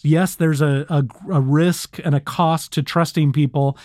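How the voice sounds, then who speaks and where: A man hosting a leadership podcast, talking in an animated way and acting out little quotes. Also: a little high, unhurried, no room sound, studio quality. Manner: animated, acts out quotes, laughs easily. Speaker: podcast host.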